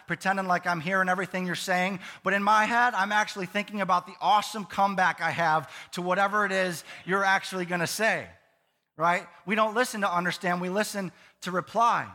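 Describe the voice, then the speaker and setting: A male pastor with a high, bright, forceful voice, preaching in a lively, conversational way with playful asides. His voice carries a long reverb through the church sanctuary. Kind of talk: sermon.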